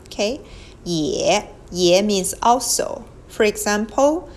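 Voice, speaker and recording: A Chinese language teacher narrates a slow whiteboard lesson on characters, patiently explaining step by step and modeling tones aloud. Her medium-pitched voice is expressive with a darkish tone. The phone screen recording is poor, with slight background noise.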